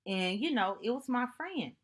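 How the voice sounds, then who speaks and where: A woman speaking to camera in an earnest, reflective monologue, telling personal stories in an unhurried way and often repeating herself for emphasis. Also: fairly high pitch, animated, slightly rough. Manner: earnest, thoughtful, unhurried storytelling with repetitions. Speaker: vlogger.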